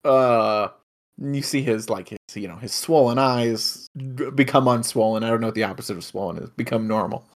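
Excitable man recapping a show. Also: mid-range voice, a little fast. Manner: excitable, swears, jokey asides. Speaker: podcast co-host. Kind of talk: casual chat recapping an anime.

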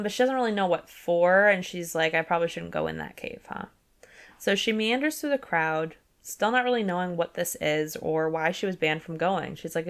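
A woman's voice: medium pitch, fairly bright tone, clean tone. A woman podcast host reading passages from a novel aloud, then recapping them in a casual, chatty way. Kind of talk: book club reading and recap.

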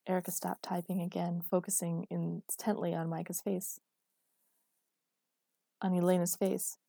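A woman narrating a story aloud in a steady, even manner on a close mic. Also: fairly low pitch, a little fast, no room sound. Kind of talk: audiobook narration.

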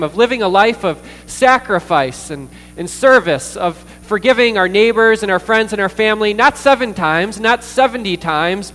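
A man preaching a sermon as pastor, earnest, with pauses, fillers and repeated words. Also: high-pitched, fairly bright tone. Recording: distant reverberant hall with mains hum.

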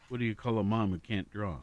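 A man co-hosting a radio show, telling jokes in a slow, deliberate way. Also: lowish voice, darkish tone, highs cut off. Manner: slow, deliberate joke delivery. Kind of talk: joke-telling radio chat.

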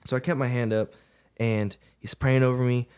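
A man's voice: mid-range voice, steady tone, moderate pace, darkish tone, clean tone. A young man, a podcast guest, telling a personal story in a casual, laid-back way, often laughing and saying "bro".

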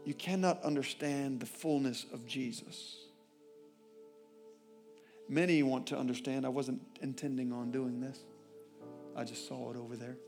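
A male pastor preaching a sermon, swinging from loud, impassioned declarations to quiet, intimate asides. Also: medium pitch, fairly even intonation, a little slow, pauses often, soft background music.

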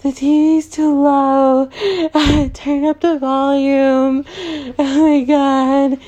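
A man's voice: very high-pitched, little pitch movement, very slow, darkish tone, pitched above the performer's own voice, exaggerated voice. A man putting on the voice of a frantic young woman in a panic, screeching and melodramatic. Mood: hysterical.

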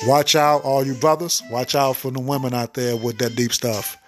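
A man's voice: mid-range voice, steady tone, a little slow, fairly bright tone, soft background music. A man hosting a comedy podcast, telling a joke in a loose, rambling way and laughing at himself.

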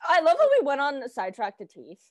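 A woman's voice: high-pitched, sing-song, quick pace, no echo. Young woman cohosting a chaotic podcast, voice jumps all over, dry close sound. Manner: joking, chaotic, frequent laughter. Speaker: podcast co-host. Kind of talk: casual chat.

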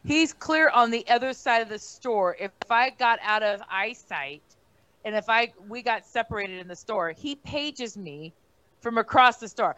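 A woman comedian telling a story on a casual podcast. She is animated and profane, and she acts out the quotes in her story. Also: on the high side, moderate pace, rough recording. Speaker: comedian guest.

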